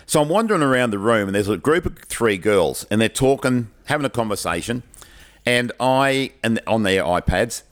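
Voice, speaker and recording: An Australian man in middle age spins a classroom anecdote for a podcast. His pitch swings freely up and down as he slips into the voices of the people he describes. It is loose, chatty and full of energy. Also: normal speed. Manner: animated storyteller who acts out the people in his anecdotes. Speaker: podcast co-host, teacher. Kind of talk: casual storytelling chat.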